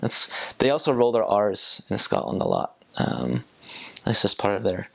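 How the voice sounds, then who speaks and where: A young American man chatting casually in a relaxed, rambling way, with many fillers and small chuckles. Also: on the low side, normal speed, gravelly. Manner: relaxed, rambling, with frequent ums, likes and chuckles. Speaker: returned missionary. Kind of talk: casual chat.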